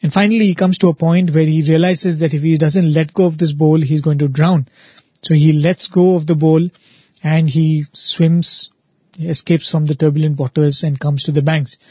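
Husky-voiced male speaker. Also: a little high, steady tone, moderate pace, dry recording, highs cut off. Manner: earnest, repetitive emphasis, frequent "right?". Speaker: spiritual speaker, show host. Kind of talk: devotional talk with storytelling.

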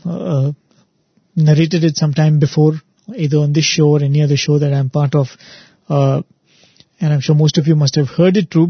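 A man gives an earnest devotional talk and repeats words for emphasis. His voice is fairly high with a husky edge. The recording is dry and slightly muffled. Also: no room sound. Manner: earnest, repetitive emphasis, frequent "right?". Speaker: spiritual speaker, show host.

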